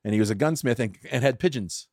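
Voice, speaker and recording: A man's voice: medium pitch, fast, darkish tone, dry recording, studio quality. A man in his forties from California, a guest telling stories in a casual podcast chat, self-mocking and swearing often. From United States. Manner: profane, self-mocking storyteller. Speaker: guest, film producer.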